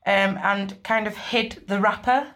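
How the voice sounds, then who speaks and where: A woman's voice: mid-range voice, fairly even intonation, unhurried, a bit bright. A woman from northern England with a northern English accent, chatty and a little hesitant, calling in to tell a personal story. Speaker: caller.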